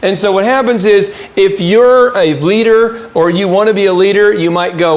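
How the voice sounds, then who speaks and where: A man's voice: high-pitched, moderate pace, hardly any pauses. A man hosting a business podcast, talking animatedly with playful wordplay and repetition. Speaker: podcast host, business coach. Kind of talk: comedic podcast banter.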